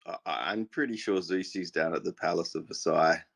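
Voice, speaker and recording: A man making dry, deadpan quips in casual live stream banter. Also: low voice, fairly quick, gravelly.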